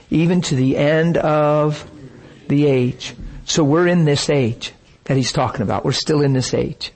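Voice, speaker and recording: A man's voice: fairly high pitch, darkish tone, breathy edge. A middle-aged man preaching a sermon, telling stories in an emotional, emphatic way.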